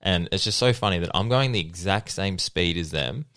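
A young man hosting a podcast, telling stories in a quick casual chat and acting out the people in them. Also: deep voice, a bit bright, no echo, studio quality. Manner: fast storytelling, acting out quoted people. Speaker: podcast host.

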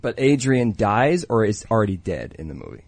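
Laid back guy, low and a bit husky, tossing quick replies on a radio show. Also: very animated, no room sound. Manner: easygoing, quick agreeing replies. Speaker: show regular, co-host. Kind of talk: casual comedic chat. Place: radio studio.

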